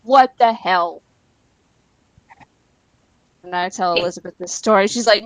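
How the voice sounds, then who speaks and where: A woman's voice: mid-range voice, measured pace, no room sound, poor audio. A woman in casual chat, laughing often and telling emotional stories.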